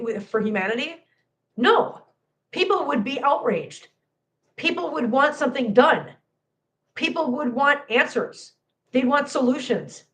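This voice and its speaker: A woman hosting a cat channel livestream, tearful and talking to viewers in an emphatic, impassioned way that repeats phrases. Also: on the high side.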